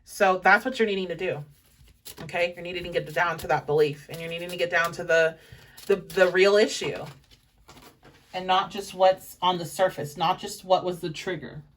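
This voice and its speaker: A woman's voice: on the low side, fairly even intonation, moderate pace, far from the mic. A young woman giving a pick-a-card tarot reading in a chatty, encouraging, rambling way, full of fillers. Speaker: tarot reader.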